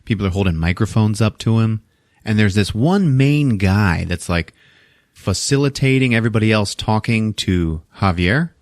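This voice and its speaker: A man with a fairly low voice tells a movie's plot in a loose, comic way and jumps into voices for each character. His pitch swings widely as he goes. The sound is close and dry, with no room around it. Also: normal speed, no echo. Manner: animated, swearing, acting out characters in put-on voices. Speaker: podcast host recapping a film. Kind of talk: casual comedic movie recap.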